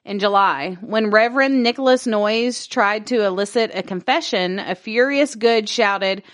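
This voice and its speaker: A woman's voice: mid-range voice, a little slow, no room sound. Woman, casual podcast co-host reading a text aloud with jokey asides, dry close sound. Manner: laughs easily, swears casually, stumbles over words.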